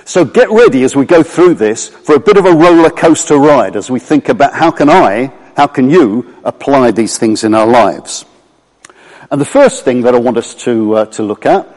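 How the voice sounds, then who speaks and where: A man preaching a sermon, earnest and emphatic, slowing down when he quotes scripture. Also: medium pitch, a little mellow. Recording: long hall reverb.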